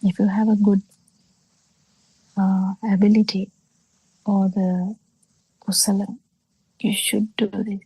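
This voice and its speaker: A woman giving a Buddhist teaching over a video call, halting, with many pauses and fillers, often falling into soft breathy half-whispers. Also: mid-range voice, little pitch movement, dry recording, rough recording. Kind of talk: slow spoken dharma talk on a video call.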